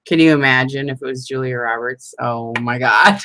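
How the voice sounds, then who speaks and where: A middle-aged woman with a low, deep voice chats on while she crafts, rambling from one story to the next. She laughs easily and pokes fun at her own mistakes. The sound is dry and close. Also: steady tone, moderate pace, hardly any pauses, a bit bright, dry recording. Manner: chatty, rambling, laughs often, self-deprecating. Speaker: craft vlogger. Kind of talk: casual chat while crafting.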